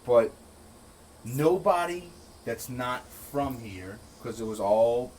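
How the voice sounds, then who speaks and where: A man's voice: medium pitch, animated, slow, darkish tone, a little hiss or hum, low-quality recording. A man, hosting in a loose, casual way, often restarting with "like" and "I mean". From St. Bernard Parish, Louisiana. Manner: loose, starts over often, says "like" and "I mean" a lot. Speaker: podcast host. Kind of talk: casual chat.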